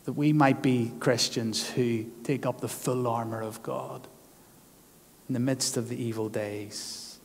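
A man's voice: mid-range voice, fairly even intonation, measured pace, gravelly, darkish tone. A man preaching a sermon as pastor, earnest and emphatic, leaning on repeated phrases. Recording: long hall reverb.

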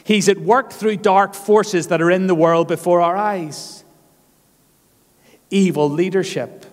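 Slow, earnest preacher in a reverberant hall. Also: male voice, a little high. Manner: earnest, emphatic preaching with repeated phrases. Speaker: pastor. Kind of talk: sermon.

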